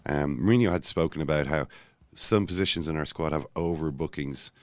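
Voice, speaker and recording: A man co-hosting a casual football podcast, talking in rambling, self-interrupting runs with animated asides. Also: extremely low pitch, fairly quick, no room sound. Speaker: podcast co-host.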